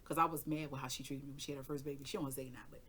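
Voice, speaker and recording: A woman telling a story in a casual, animated and profane way, acting out both sides of the dialogue. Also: rumbling low, racing, a little hiss or hum. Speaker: tarot reader and channel host.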